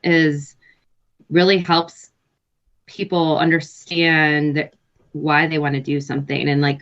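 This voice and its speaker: A nurse and health coach in her thirties chats in a relaxed, casual interview, laughing often and pausing to think. Her voice sits low, and the recording is muffled.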